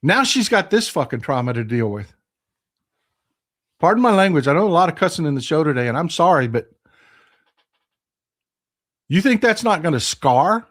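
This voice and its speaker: A man with a Texan accent hosting a casual political live stream, reading viewer comments and swinging from loud outrage to quiet, hushed replies. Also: a little high, very animated, moderate pace, pauses often.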